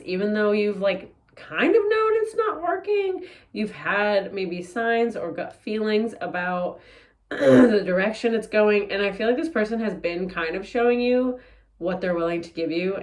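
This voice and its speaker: A woman giving a casual tarot forecast, speaking in a blunt, animated way and swearing freely. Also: lowish voice. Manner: blunt, profane, animated and candid. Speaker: tarot reader.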